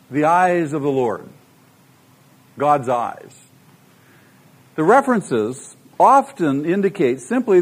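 A man's voice: high voice, breathy edge. A middle-aged man preaching a sermon, emphatic and full of rhetorical questions to the congregation. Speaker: pastor.

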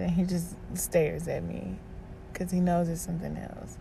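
Podcast host, woman, lowish voice, exhausted, halting monologue diary. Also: level tone, gravelly, background noise. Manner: weary, halting, restarts and trailing off.

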